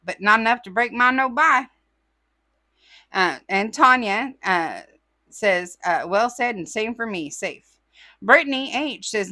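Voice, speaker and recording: Host, woman from California, crisp bright tone, dry close sound, chatty comment reader who throws in y'all. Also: a little high, no room sound. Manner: chatty, says y'all, reads comments aloud with asides. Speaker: host reading viewer comments. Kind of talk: casual chat.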